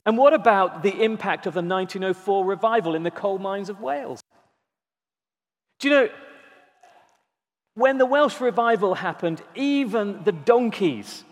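A man preaching a sermon, emphatic, slowing down to stress key words and repeating them. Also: high-pitched, animated. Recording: long reverb in a large hall.

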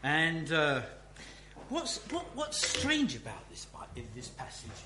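A man teaches from the Bible in an unhurried, musing way, often restarting his sentences. His voice sits a little high. The room is echoey, with a faint hum behind him. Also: wildly swooping pitch. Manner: slow, musing delivery with many restarts. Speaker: preacher.

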